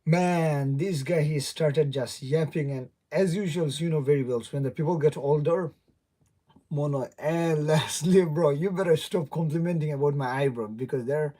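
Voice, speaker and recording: Young male livestreamer, non-native English accent, higher-pitched, mellow voice, chatty and giggly. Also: moderate pace. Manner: rambling, laughs often, greets chat viewers. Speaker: livestream host. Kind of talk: casual live stream chat.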